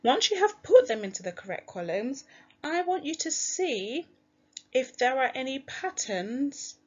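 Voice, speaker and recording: Slow, clear woman teaching phonics. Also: a little high, muffled recording. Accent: British English. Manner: slow, clear, sounding out each letter. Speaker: primary school teacher. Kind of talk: recorded phonics lesson for young children.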